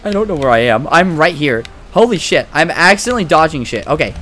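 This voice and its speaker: A young man giving casual, profane let's-play commentary, excitable and trash-talking the game as he plays. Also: fairly high pitch, fast, slight background noise. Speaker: gaming commentator.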